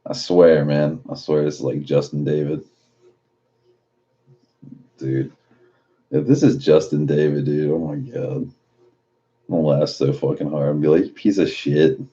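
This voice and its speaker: A man's voice: a bass voice, little pitch movement, a little slow, long pauses, mellow, dull audio. A man live streaming late at night in a casual, profane way, reading chat messages aloud and riffing on them.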